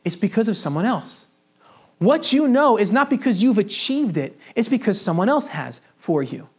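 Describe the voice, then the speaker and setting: A man's voice: high voice, very animated, normal speed. A young adult man preaching a sermon in a casual storytelling manner, with humorous asides and personal confessions. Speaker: pastor.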